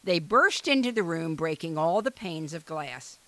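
A woman reading a children's fairy tale aloud in an expressive, animated way. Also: sits low, a little slow, no room sound. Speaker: storyteller. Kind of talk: storybook read-aloud.

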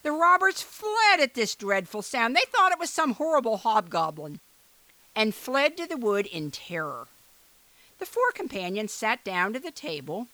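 A woman reading a children's fairy tale aloud in an expressive, animated way. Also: medium pitch. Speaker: storyteller. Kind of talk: storybook read-aloud.

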